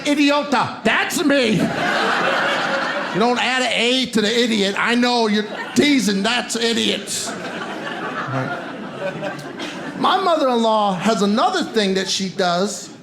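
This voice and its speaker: A man's voice: high voice, animated, slow pace, gravelly, long pauses. A man doing a stand-up comedy set, teasing the audience with punchy crowd work. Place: comedy club stage. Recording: roomy club with crowd noise. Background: audience laughter.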